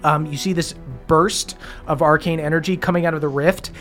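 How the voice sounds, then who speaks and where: A man narrating a tabletop game as game master, relaxed, often laughing, with frequent ums. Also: on the high side, fairly quick, faint music behind.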